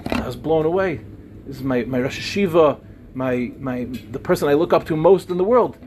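A young man teaching as a rabbi, telling personal stories in an animated way with humorous asides. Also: on the high side, fairly quick, slight background noise. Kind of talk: Torah lecture with personal stories.

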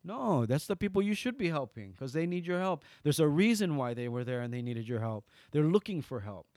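A man with a Hawaiian accent, a guest in an interview, who tells stories animatedly and swings from loud bursts to soft asides. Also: a little high, sing-song, a little fast, no echo, studio quality. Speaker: guest entertainer. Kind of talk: storytelling interview.

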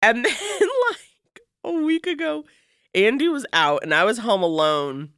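A woman's voice: a little high, big pitch swings, measured pace, fairly bright tone, clean tone, dry recording, studio quality. A woman co-hosting a podcast, telling a story in a rambling, self-mocking way, full of fillers. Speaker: podcast co-host. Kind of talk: casual storytelling chat.

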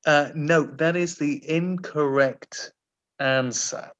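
A man's voice: fairly high pitch, steady tone, slow, a bit bright, lo-fi sound. A Northern Irish man hosting a quiz podcast, teasing his co-host and laughing often. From Northern Ireland. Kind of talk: casual podcast chat.

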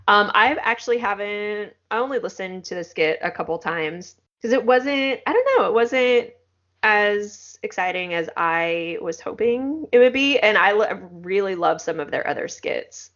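A woman's voice: medium pitch, fairly bright tone, muffled recording. A woman co-hosting a podcast in a casual, chatty way, with many fillers. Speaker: podcast co-host. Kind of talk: casual chat.

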